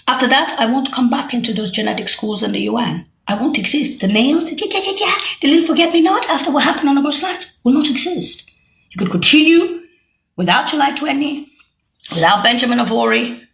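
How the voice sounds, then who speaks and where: A woman's voice: medium pitch, sharp tone. A woman in a rambling, profane, sarcastic monologue, agitated and mocking. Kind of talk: ranting monologue to camera.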